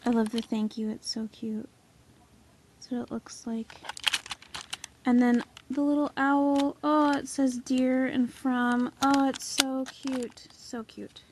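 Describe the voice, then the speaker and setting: A woman's voice: high voice, takes it slowly, noisy background. Gushing young woman showing off a haul. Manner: gushing, excitable, lots of "like" and "oh my god". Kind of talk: casual haul video.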